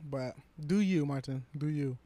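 Higher-voiced man in slangy banter. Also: moderate pace, warm tone. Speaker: podcast co-host. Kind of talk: casual chat.

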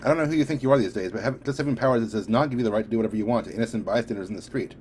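A man's voice: rapid-fire, darkish tone, a little hiss or hum, close to an everyday voice. A man voicing a determined young superheroine in an audiobook reading, talking firmly and scolding with a raised voice. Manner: firm, scolding, raised pitch.

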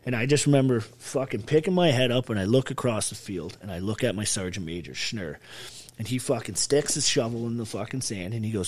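A man telling stories in a casual chat, animated and heavy on swearing. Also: medium pitch, brisk. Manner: profane, animated storytelling. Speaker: podcast guest.

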